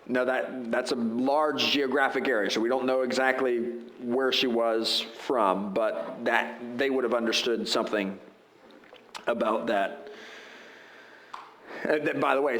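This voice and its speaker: A man's voice: medium pitch, a bit bright, reverberant, poor audio. A male pastor preaching a sermon in a conversational way, full of rhetorical asides and questions to the congregation. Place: church sanctuary.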